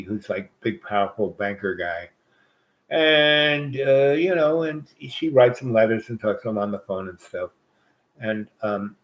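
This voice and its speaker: A man's voice: medium pitch, poor audio. A man casually telling a long personal story, rambling with fillers and quoting others.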